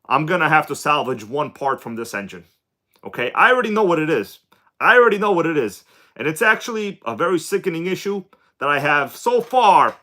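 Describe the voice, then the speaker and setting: A man hosting a live stream in a loose, joking way, calling out viewers by name as he goes. His voice sits a little high and swings widely in pitch. The tone is bright and forward. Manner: joking, chatty, greets chat viewers by name. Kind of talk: casual live-stream chat.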